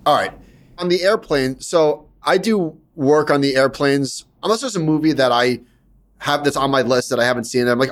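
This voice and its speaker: A middle-aged man co-hosting a casual podcast chat, animated and quick to protest. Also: mid-range voice. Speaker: podcast co-host.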